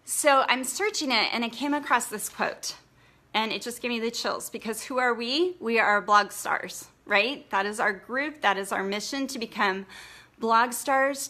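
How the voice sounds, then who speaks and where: A woman's voice: fairly high pitch, sharp tone. A woman blogging coach giving a casual, encouraging live training, chatty and full of fillers.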